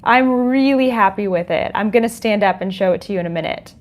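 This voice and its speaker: A woman's voice: medium pitch, brisk. A woman hosting a livestream from home, greeting viewers and reading their chat comments with frequent laughs. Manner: bubbly, laughs often, reads chat comments aloud. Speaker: podcast host on a livestream. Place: home, dog nearby. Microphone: desk microphone.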